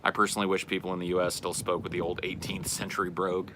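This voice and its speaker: A man's voice: low-pitched, little pitch movement, quick pace, noisy background. A man hosting a casual livestream chat, reading questions and answering in a rambling, self-correcting way at home.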